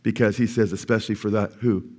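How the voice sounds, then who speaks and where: His voice lowish, level, dark and slightly rough, a sixty-year-old pastor preaches fast at a church service. He keeps questioning the congregation, waits for their replies, and repeats key phrases to emphasize them.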